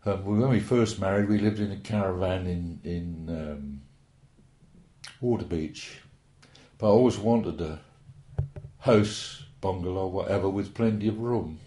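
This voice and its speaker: An elderly man tells old stories in a rambling, hesitant, folksy way. His voice sits low and mellow. The recording carries a roomy echo. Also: a little slow. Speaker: interviewee. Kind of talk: oral history reminiscence.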